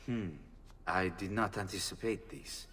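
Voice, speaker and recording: A middle-aged man voicing a calm, commanding noble father in a video game. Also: low voice, big-room sound, slight background noise. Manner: measured, authoritative orders.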